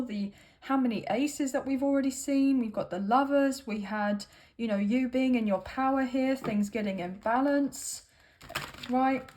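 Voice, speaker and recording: Chatty lady doing a tarot reading, rambly, lots of um and right, voice sits a bit high. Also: a little mellow, a little hiss or hum. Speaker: tarot reader. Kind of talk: casual tarot reading to camera.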